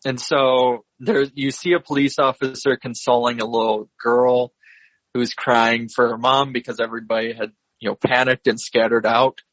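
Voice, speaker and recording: A man with a husky voice co-hosts a film podcast and walks through the plot scene by scene. He speaks in a measured, somewhat hesitant way. The recording is dry and slightly muffled. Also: medium pitch, flat delivery, a bit bright, no echo. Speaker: podcast co-host. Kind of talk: casual film discussion, retelling the plot.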